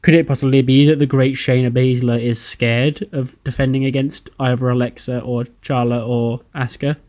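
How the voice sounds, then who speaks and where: A man's voice: medium pitch, little pitch movement, normal speed, darkish tone, natural voice. A man doing a sly giant boss. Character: giant male authority figure, sly.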